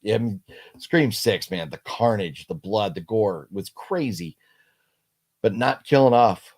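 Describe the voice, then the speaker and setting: Halting, low-voiced man hosting a live chat. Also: darkish tone. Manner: halting, many fillers and restarts. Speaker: livestream host. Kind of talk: casual live chat reading comments.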